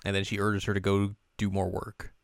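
A man casually recapping an anime episode, acting out the characters' lines in high squeaky voices. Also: monotone, moderate pace, vocal fry, smooth, no room sound. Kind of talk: casual reaction chat.

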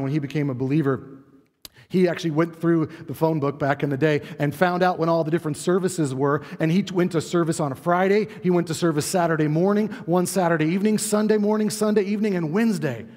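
A man delivers a sermon from the front of a church, his voice slightly higher than most men's. He is earnest, rushing through some phrases and sinking low and soft on key lines. The sanctuary gives his words a long, lingering reverb. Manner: earnest, varies pace and volume, drops low for emphasis. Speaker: pastor.

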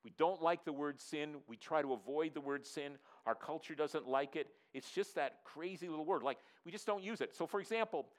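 A man, a pastor, preaching a sermon in an earnest, repetitive way, dropping his voice low for emphasis and asking the congregation to answer. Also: fairly quick, hardly any pauses. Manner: asks the audience to respond.

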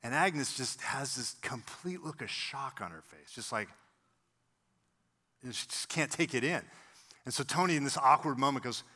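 A pastor of medium pitch and normal speed tells a story during his sermon, bringing it to life by acting out the quoted voices of the people involved.

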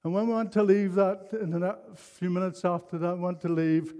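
A man's voice: high voice, steady tone, normal speed, warm tone. An older man preaching a sermon, telling a personal story in an earnest, rambling way with many restarts. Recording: long hall reverb.

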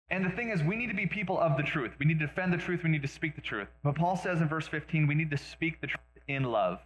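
A male pastor preaching a sermon in a conversational way, with quick asides and self-deprecating jokes. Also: on the high side, a bit bright, echoey room, poor audio.

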